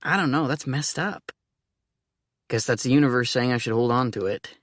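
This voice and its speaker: A woman voicing a guarded, cynical teenage boy in an audiobook, talking in a flat, tight way. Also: a bass voice, normal speed, no room sound, studio quality.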